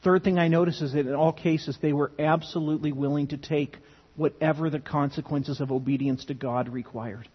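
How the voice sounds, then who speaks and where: A man's voice: on the high side, steady tone, fairly quick, breathy edge. A man preaching a sermon, earnest and emphatic, often restarting his phrases. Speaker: pastor. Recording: dull, lo-fi sound with long hall reverb.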